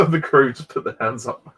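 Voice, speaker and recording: A man talks loosely over a film as a fan commentator, his voice soft and breathy at the edges. He rambles, trails off and laughs easily as he goes. His pitch sits at an ordinary middle level. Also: normal speed, low-quality recording. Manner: easygoing, rambling, many fillers. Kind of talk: casual film commentary chat.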